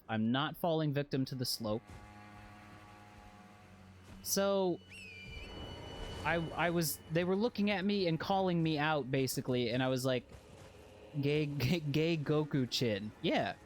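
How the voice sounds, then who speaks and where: A man's voice: medium pitch, a little hiss or hum. A man streaming a game, telling a rambling story with chuckling asides and frequent self-interruptions. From Western. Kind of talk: casual gameplay commentary with anecdotes.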